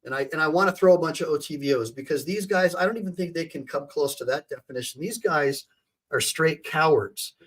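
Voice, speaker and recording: A man's voice: fairly high pitch, brisk, a bit bright, husky. A man hosting a livestream as an attorney, giving emphatic, indignant commentary and calling on his chat for reactions.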